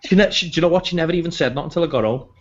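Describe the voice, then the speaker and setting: A man's voice: a little high, racing. A man hosting a casual video-call show, telling jokey stories in a chatty way. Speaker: podcast host. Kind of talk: casual chat. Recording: slightly muffled call audio.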